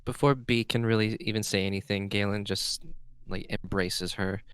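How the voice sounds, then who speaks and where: A man playing a tabletop role-playing game, narrating and speaking as his character in a slow, gentle, halting way. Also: lowish voice, fairly even intonation, smooth, no room sound. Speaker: player.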